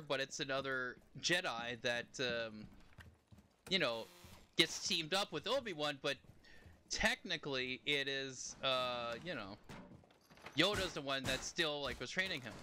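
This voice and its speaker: A man's voice: medium pitch, bright, forceful tone, a little hiss or hum. A young man streaming a game, chatting casually in a rambling way and laughing often. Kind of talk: casual live-stream chat while playing.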